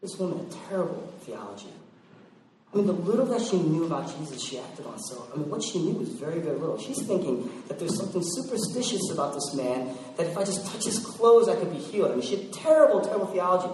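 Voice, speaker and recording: A male preacher delivers a sermon to his congregation. He tells stories with energy and acts out the voices of the people in them. His fairly high voice rings through a large echoing hall and is picked up from well back. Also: quick pace, a little hiss or hum. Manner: animated storytelling with acted-out voices. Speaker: pastor. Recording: echoey hall from far off.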